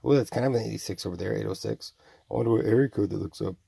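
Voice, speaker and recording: This forties-aged man records himself rambling, mumbling and drawing out exclamations while giving voice to imagined tormentors. His fairly low voice is creaky and dark with a breathy edge, and there is no room sound.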